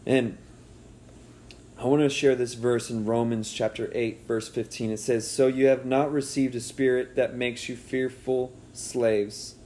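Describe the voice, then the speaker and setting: Earnest preacher guy, warm mellow voice, gets soft and emotional. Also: level tone, a little slow, slight background noise. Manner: earnest, emotional preaching that drops soft and low at moving points. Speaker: pastor. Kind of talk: sermon.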